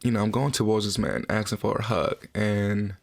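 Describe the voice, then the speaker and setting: A podcast host in his twenties talks through a personal story in an open, emotional way. His voice sits low with a gravelly edge. He talks casually and swears freely as he goes. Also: fairly even intonation, moderate pace.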